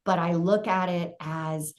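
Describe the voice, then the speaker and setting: A middle-aged woman with a fairly low voice tells her story as a podcast guest. She talks vividly, acting out her own thoughts along the way. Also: fairly even intonation, unhurried. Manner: vivid, dramatic storytelling with acted-out inner voices.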